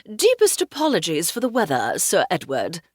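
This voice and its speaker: A woman's voice: mid-range voice, lively intonation, slow pace, dry recording, studio quality. A woman doing a theatrical, grandly declaiming coworker. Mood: mock posh. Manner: grandly declaiming, play-quoting. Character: theatrical, dramatic female librarian coworker.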